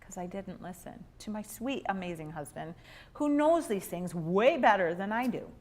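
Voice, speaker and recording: A woman in her thirties with a mid-range voice, teaching a women's church class. She tells her story with lively, acted-out quotes. She speaks to the room in a storytelling way. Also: mid-range voice, moderate pace. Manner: animated, acts out her own story with quoted lines.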